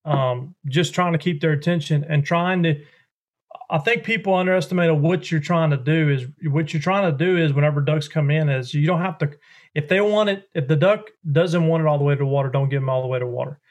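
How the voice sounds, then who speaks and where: A man with a drawl talks through technique in a loose, folksy, roundabout way. His voice sits a touch high for a man. It sounds like a relaxed podcast interview. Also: a little fast. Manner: folksy, rambling, hands-on explainer. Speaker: duck call maker, guest.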